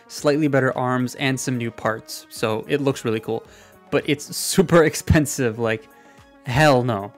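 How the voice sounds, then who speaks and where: A man giving a casual, chatty toy review with offhand, sarcastic asides, speaking into a desktop microphone. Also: medium pitch. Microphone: desktop USB mic.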